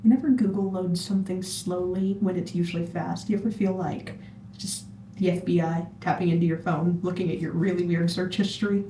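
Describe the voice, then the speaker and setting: A woman's voice: on the low side, steady tone, brisk, warm tone. A woman casually reacting to a music video, musing aloud and trailing off with fillers. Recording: roomy, distant mic with faint hum.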